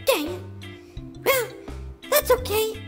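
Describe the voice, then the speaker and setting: A man voicing a tiny, playful toy sidekick in a very high, squeaky, whiny voice. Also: lively intonation, slow, over music, exaggerated voice. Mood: whiny, sulky. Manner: whiny, grumbling.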